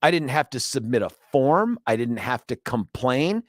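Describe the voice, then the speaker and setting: A man's voice: medium pitch, normal speed, dry recording. A man in his fifties hosting a talk radio show, telling rambling stories with lots of restarts in a studio. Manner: lively storyteller, rambling with restarts. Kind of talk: casual talk radio chat. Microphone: studio microphone.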